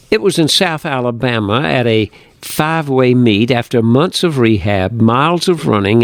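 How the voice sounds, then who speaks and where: Brief: man narrating his own book, earnest and measured, dry close sound, mid-range voice. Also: medium pitch, no echo. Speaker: author reading his book. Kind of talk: reading narration.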